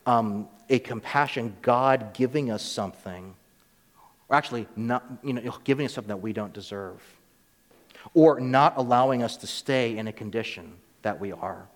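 A man's voice: medium pitch, moderate pace, in a large hall. A man preaching a sermon in a conversational way, sometimes acting out the voices of people in the story. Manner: conversational, acts out voices of biblical figures.

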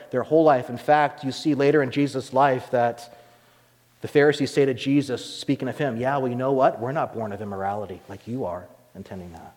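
A man preaching a sermon as pastor, animated and acting out the voices he quotes. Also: mid-range voice, brisk, long reverb tail.

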